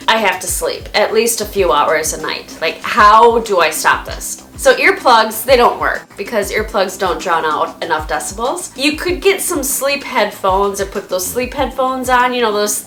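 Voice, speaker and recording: A woman vlogger and dog owner telling stories casually to the camera in a chatty, animated way, laughing often. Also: medium pitch.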